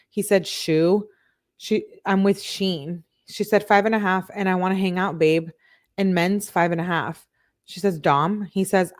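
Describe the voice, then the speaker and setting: A woman's voice: on the low side, darkish tone. A woman hosting a true crime channel, reading text messages aloud in a casual way and breaking off for chatty asides full of fillers.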